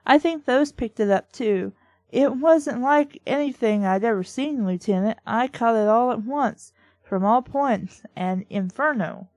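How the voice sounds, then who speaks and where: A woman's voice: a little high, unhurried, a little mellow, no room sound, close to an everyday voice. A woman voicing an eager, deferential young female police officer while reading a novel aloud, her lines polite and earnest.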